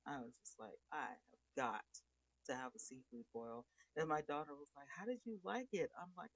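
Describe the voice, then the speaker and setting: A woman's voice: sits low, normal speed, no echo, rough recording. A middle-aged woman hosting a casual livestream, chatting and greeting viewers by name. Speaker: livestream host.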